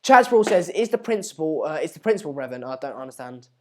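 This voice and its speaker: A man's voice: fairly high pitch, sing-song, fast talker. A man hosting a live football watchalong, chatting casually and reading out viewer comments. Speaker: live stream host.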